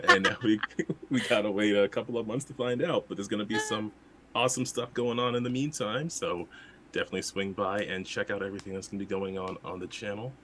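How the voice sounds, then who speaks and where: A man's voice: lowish voice, a little fast, noisy background. A man in casual chat plugging his own channel, laughing, upbeat and a bit scattered.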